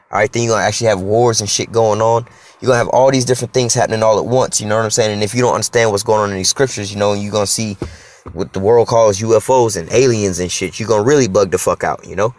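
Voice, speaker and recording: Speaking at a fairly low pitch, a man preaches scripture informally, forceful and profane in a street style, peppering his talk with "all right?" and "you know?".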